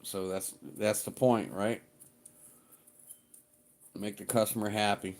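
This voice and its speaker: A man's voice: fairly low pitch, fairly even intonation, slow pace. A middle-aged man chatting casually on his livestream, rambling and swearing a little as he greets viewers. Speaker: livestream host.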